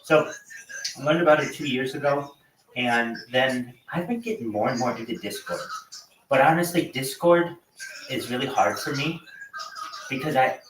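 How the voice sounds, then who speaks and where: A man's voice: medium pitch, normal speed, long pauses, recorded from a distance. A man chats casually on a livestream, swearing freely and wandering between thoughts with plenty of fillers. He sits back from the mic in an echoey room with a faint hiss of background noise. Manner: loose and profane, lots of fillers. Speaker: livestream host. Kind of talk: casual rambling chat.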